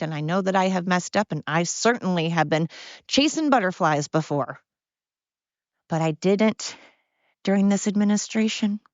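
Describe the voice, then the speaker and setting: A woman hosting a podcast in a casual monologue, excited, brash and mocking, swearing freely. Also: mid-range voice, no echo, highs cut off. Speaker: podcast host.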